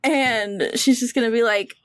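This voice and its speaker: A woman's voice: on the high side, steady tone, normal speed, clean tone, no echo. A woman playing a tabletop game, playful and rambling, laughing as she talks. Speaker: player. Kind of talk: casual chat at a tabletop game.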